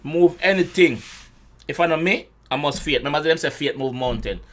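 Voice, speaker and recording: A Jamaican man hosting a casual music reaction, excitable, often repeating words and restarting. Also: fairly high pitch, brisk.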